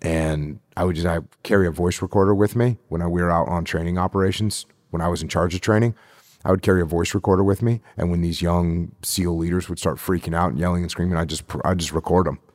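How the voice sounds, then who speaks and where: A middle-aged man answering interview questions as a leadership instructor, deliberate and repeating phrases for emphasis. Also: sits low, fairly even intonation, darkish tone, no room sound, clean studio sound.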